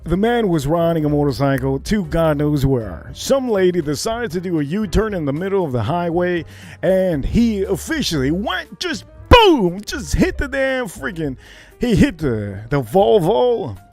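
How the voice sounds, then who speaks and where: A man hosts a casual livestream, telling a story loosely and profanely and acting out the sounds. His voice sits a little high and jumps around a lot. Faint music plays behind him. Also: moderate pace. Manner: animated, profane, acts out the story. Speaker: livestream host.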